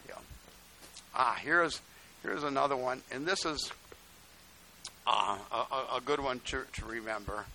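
Older man, pastor, folksy sermon storyteller, bright forceful tone, faint hiss on the tape. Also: unhurried, pauses often, poor audio. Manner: folksy storytelling preaching, swinging from low asides to loud exclamations.

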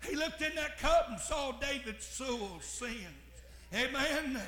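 A man preaching a sermon, moving from hushed, slow phrases to shouted, fervent preaching. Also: very high voice, reverberant.

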